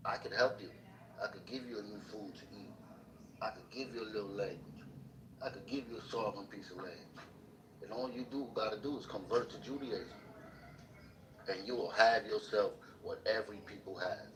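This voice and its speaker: Low-voiced male speaker, lecturing and provocative, roomy recording with noise behind. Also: normal speed, pauses often. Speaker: live audio-room speaker. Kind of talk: provocative monologue in a live audio room.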